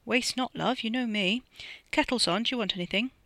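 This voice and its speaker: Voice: mid-range voice, a little fast, pushed and bright, no room sound, pitched above the performer's own voice. A reader voicing a cocky monster of a young man. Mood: breezy. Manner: brash, swaggering and offhand.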